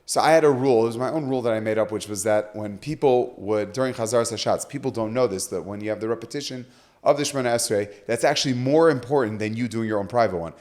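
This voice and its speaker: Animated man telling stories. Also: mid-range voice, fast talker. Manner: lively storyteller, acts out quoted voices. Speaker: rabbi, podcast guest. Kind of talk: animated storytelling in conversation.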